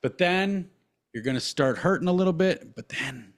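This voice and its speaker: A man in his thirties co-hosting a podcast, talking casually and swearing a lot as he tells rambling, animated stories. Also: high voice, normal speed. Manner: profane, rambling, animated storytelling. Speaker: podcast co-host. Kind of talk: casual chat.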